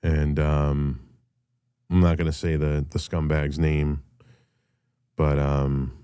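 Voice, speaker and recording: Middle-aged man, very deep and dark voice, dry sound, blunt and profane solo talk. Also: level tone, takes it slowly, clean tone, no echo. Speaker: show host and rock musician. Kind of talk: casual solo monologue.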